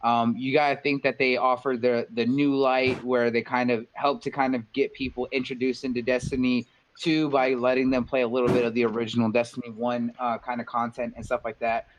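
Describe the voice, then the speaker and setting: Man, podcast panelist, mid-pitched voice, measured, hesitant, filler words. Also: little pitch movement, lo-fi sound, slight background noise. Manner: measured, hesitant, many ums. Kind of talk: casual gaming podcast chat.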